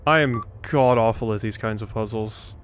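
A man's voice: on the low side, moderate pace, a little hiss or hum. A man hosting a let's play, thinking aloud through a puzzle and poking fun at himself. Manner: self-deprecating, thinks aloud. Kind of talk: gaming commentary.

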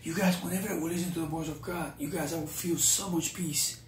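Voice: medium pitch, steady tone, quick pace, a little hiss or hum. A preacher telling a personal testimony to viewers, often calling them "you guys.". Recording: roomy echo.

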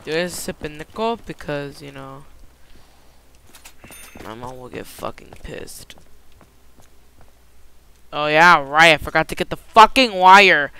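Excitable, foul-mouthed gamer guy. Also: on the high side, slow, long pauses, a little hiss or hum. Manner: profane, excitable, mixes in Spanish slang. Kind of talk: gameplay commentary. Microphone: cheap headset mic.

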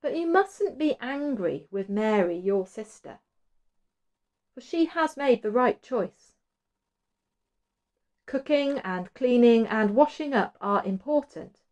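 A woman reading a storybook aloud and voicing a gentle, kind man who speaks softly and patiently. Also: fairly high pitch. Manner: soft, patient, reassuring. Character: gentle, kind grown man, calm teacher.

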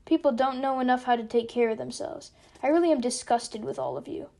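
Brief: a woman doing an indignant young officer, high and loud, scolding. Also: a little fast, creaky.

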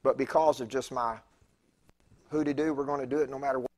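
A husky-voiced man in his fifties preaches as a guest speaker in a church. He talks in a chatty, rambling way, often restarting his sentences. His voice sits at a middle pitch. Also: steady tone, brisk. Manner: chatty, digressive, with stammered restarts. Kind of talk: conversational sermon storytelling. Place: church sanctuary.

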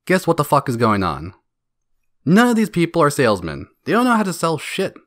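A man's voice: a little high, huge pitch swings, a little fast, a bit bright, dry recording, studio quality. A man hosting a solo podcast, ranting in a profane, mocking way and laughing between jabs. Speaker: podcast host.

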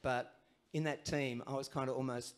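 Between songs at a live gig in a small barn venue, a singer and bandleader in his sixties with an Australian accent tells a chatty, self-mocking story. He speaks at a moderate pace in a medium-pitched, steady voice. The live stage recording carries guitar and band music behind him.

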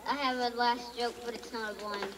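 A woman with a Texan accent telling jokes deadpan at a family gathering, recorded on a home video from far off in a crowded room. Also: fairly high pitch, brisk, in a large hall, crowd noise. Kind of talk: casual joke telling at a family party.

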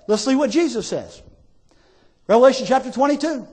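A man preaches a fervent sermon in a strikingly high voice. His exhortations climb into pleading calls to his listeners. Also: animated, a little fast, darkish tone, slightly rough. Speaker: pastor.

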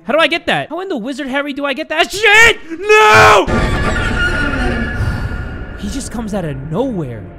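A young man hosting a gaming channel, giving jokey, excitable horror gameplay commentary, swearing and yelling when startled. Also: extremely high pitch, quick pace, few pauses, faint music behind.

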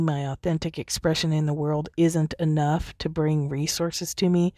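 A woman's voice: sits low, warm tone, no room sound, studio quality. A woman hosting a podcast, talking alone in a frank, chatty way and laughing easily. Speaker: podcast host. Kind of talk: candid solo podcast monologue.

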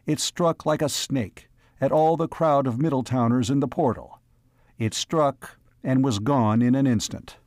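A man narrating a classic science fiction audiobook in a measured storytelling voice. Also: medium pitch, a little mellow, no echo, studio quality. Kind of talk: scripted narration.

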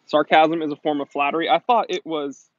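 Speaking a little fast with fairly even intonation, a watch shop owner with a fairly high voice answers viewer questions casually on his live stream, full of restarts and fillers. The sound is dry and close, slightly dull and lo-fi, with no echo.

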